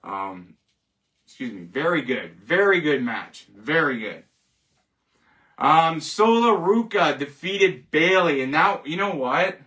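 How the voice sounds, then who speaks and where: A man's voice: on the high side, animated, slow, sharp tone, distant mic. A man hosting a casual solo show, rambling, joking and laughing at his own jokes. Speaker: host. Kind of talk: casual solo wrestling commentary.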